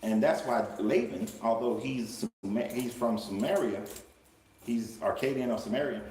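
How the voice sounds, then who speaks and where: Male livestream host, emphatic and colloquial, mid pitch, roomy sound. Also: a little mellow, recorded from a distance. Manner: emphatic, colloquial, with rhetorical questions. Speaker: life coach and livestream host. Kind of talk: live-streamed Bible commentary. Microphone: livestream setup. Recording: roomy room with faint background noise.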